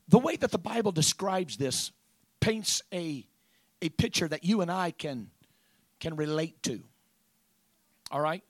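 A man preaching a sermon dramatically, swinging from hushed tones to shouts and peppering his lines with amens. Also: sits high, no echo.

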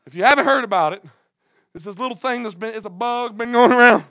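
A man's voice: very high voice, fast, sharp tone, smooth, no room sound. A man preaching a sermon in an impassioned cadence punctuated by "uh", with folksy, plain-spoken asides.

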